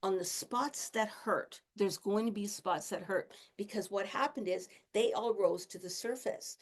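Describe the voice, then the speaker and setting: A woman healer and teacher giving a casual spiritual talk, speaking candidly about her own experience and laughing softly now and then. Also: mid-range voice, unhurried. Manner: candid, self-disclosing, chatty with soft laughs.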